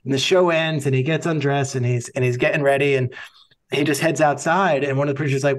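A man with a fairly high voice hosts a relaxed podcast interview. He tells long stories and slips in playful, joking asides as he goes. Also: fast talker. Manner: storytelling, jokey asides. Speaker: podcast host.

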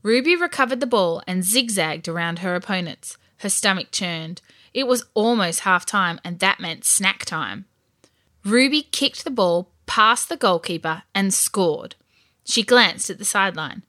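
Bright, lively woman storyteller. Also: mid-range voice, measured pace, no room sound, studio quality. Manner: lively, expressive. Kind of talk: scripted storybook narration.

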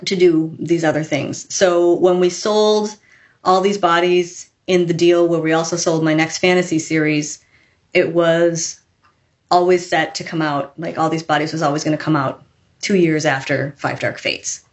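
A woman author telling stories in a casual interview, chatty and animated, acting out quotes as she goes. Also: on the low side, moderate pace. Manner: chatty, animated storytelling with laughs and acted quotes. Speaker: author, podcast guest.

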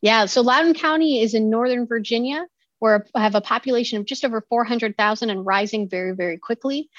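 A woman's voice: a little high, a little fast, dry recording, highs cut off. Midwestern woman from Ohio, interview guest, upbeat and promotional, dry close sound. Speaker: guest, county economic development official. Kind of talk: interview answers.

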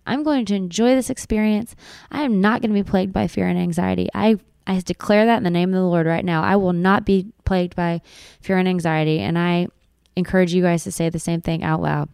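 Young mom talking straight to camera, earnest, repeats stuff for emphasis, smooth voice. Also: female voice, fairly low pitch, darkish tone, dry recording, clean studio sound. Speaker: vlogger mom. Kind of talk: heartfelt personal vlog talk.

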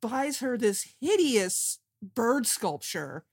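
A woman co-hosting a casual movie review chat, animated and blunt, laughing as she talks. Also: on the high side, slow pace, breathy edge, no echo. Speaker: podcast co-host.

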